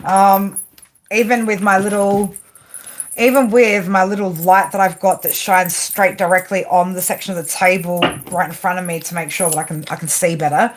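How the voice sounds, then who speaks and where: Low-voiced, chatty tarot reader. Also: female voice, steady tone, moderate pace. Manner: chatty and rambling, swears casually. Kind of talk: casual livestream card reading. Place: home, at a table under a lamp.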